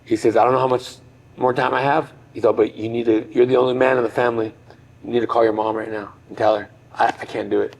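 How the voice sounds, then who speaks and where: Podcast guest, middle-aged man, gravelly voice, earnest and reflective storyteller. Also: mid-range voice, little pitch movement, fast talker, poor audio. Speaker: podcast guest, former boxer. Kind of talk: personal storytelling in conversation.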